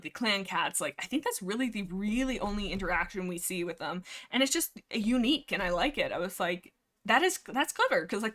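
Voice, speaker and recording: A young woman hosting a livestream, chatting in a rambling, casual way about a book series, full of fillers, restarts and quick acted quotes. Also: medium pitch, sharp tone. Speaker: livestream host.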